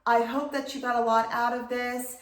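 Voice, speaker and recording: A middle-aged woman, a reading tutor, patiently explaining and clearly sounding out syllables in an instructional video. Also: on the high side, flat delivery, moderate pace. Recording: echoey room.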